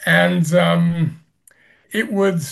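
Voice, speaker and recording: A man with a gravelly, somewhat high voice answers interview questions as a Zen master. He speaks haltingly, with pauses, fillers and frequent throat clearing. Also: flat delivery.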